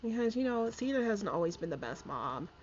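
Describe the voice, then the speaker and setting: A young woman casually commentating her life-sim game as she streams, chatty and giggly, voicing her characters' thoughts in quick asides. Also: medium pitch, very animated, a little mellow, highs cut off, slight background noise.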